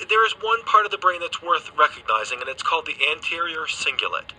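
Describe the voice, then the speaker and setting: Man as a radio guest expert, hesitant and patient, bright, husky tone. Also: fairly high pitch, big pitch swings, fast talker, poor audio. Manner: hesitant, restarts phrases, explains patiently. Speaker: guest scientist. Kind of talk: radio interview. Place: remote studio.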